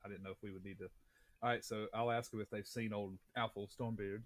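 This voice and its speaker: A man's voice: fairly low pitch, level tone, quick pace, no room sound. Playful male player. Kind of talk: casual tabletop play.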